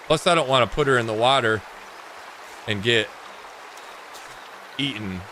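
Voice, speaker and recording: Bright-voiced man chatting while gaming. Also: medium pitch, unhurried, slight background noise. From Michigan. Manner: rambling, talks to chat while playing. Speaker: streamer. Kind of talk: casual livestream gaming chat.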